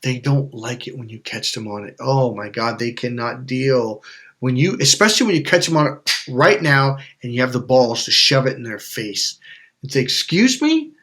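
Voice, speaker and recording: A man giving a motivational coaching talk straight to camera, blunt and unfiltered, with plenty of swearing. He presses his points by repeating himself and slips into quick voices of the people in his stories. His voice sits at an ordinary middle pitch. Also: fairly bright tone. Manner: blunt, emphatic and profane, with repeated insistent phrasing. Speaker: life coach and channel host.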